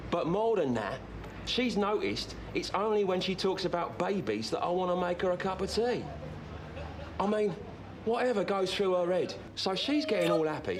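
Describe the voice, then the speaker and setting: A man telling a comic first-person story in a rambling, deadpan, confiding way. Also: sits high, noisy background.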